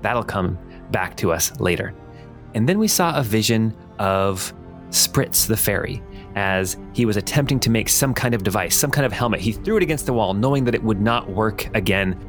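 A man running a tabletop game as game master, recapping the last session in a relaxed, loose way. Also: fairly low pitch, normal speed, faint music behind. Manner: relaxed, with frequent ums and laughs.

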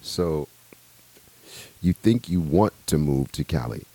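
A man who is a comedian, speaking as a podcast guest in a laid-back way with drawn-out phrases and fillers. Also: a bass voice, lively intonation, mellow, husky, no echo. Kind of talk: casual podcast chat.

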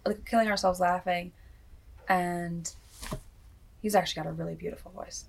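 Soft-spoken woman outreach worker. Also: on the low side, steady tone, moderate pace, gravelly, a little hiss or hum. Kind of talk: documentary interview.

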